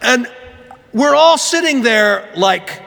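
A man's voice: very high voice, animated, slow, creaky, pushed and bright. A man giving a sermon, telling a funny story and acting out the voices of the people in it. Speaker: preacher. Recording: long reverb of a large hall.

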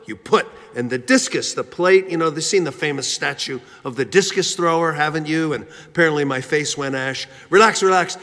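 In a reverberant church hall, a Philadelphia man with a fairly high, fairly bright voice tells a humorous, self-mocking story during a sermon. He uses lots of fillers and keeps restarting.

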